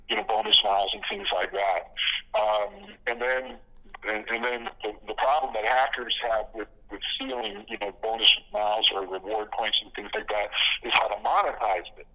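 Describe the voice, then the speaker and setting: A man chats casually as a podcast guest, his voice bright and pushed forward. He strings stories together with plenty of fillers and false starts, chuckling at his own jokes. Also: lowish voice, very animated, moderate pace, creaky, poor audio. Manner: rambling storyteller, many fillers and restarts, laughs at own jokes. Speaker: podcast guest, comic creator. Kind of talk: casual interview talk.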